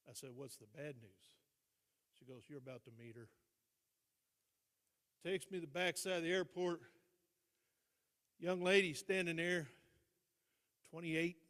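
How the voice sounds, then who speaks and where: An older man, a retired teacher and coach, telling stories as a guest speaker, with dramatic pauses and repeated phrases for emphasis. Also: on the high side, a bit bright. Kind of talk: motivational storytelling speech. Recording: long reverb in a large hall.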